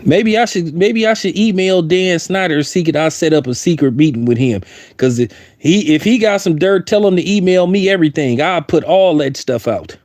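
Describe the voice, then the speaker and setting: A man's voice: high-pitched, expressive, moderate pace, darkish tone. A man giving heated, blunt opinion commentary, repeating points for emphasis.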